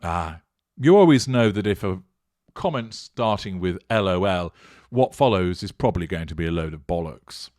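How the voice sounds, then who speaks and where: A man with a British accent, hosting a channel and answering viewer comments in a mocking, deliberate way. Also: low-pitched, lively intonation, a little mellow, dry recording, studio quality. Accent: British English. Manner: sardonic, mocking, deliberate and measured.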